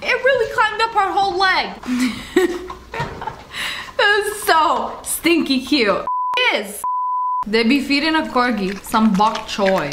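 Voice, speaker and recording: A woman's voice: high-pitched, lively intonation, slow, long pauses, background noise. A young woman hosting a reaction video, commenting playfully in a slangy, giggly, casual way. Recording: roomy sound with background music.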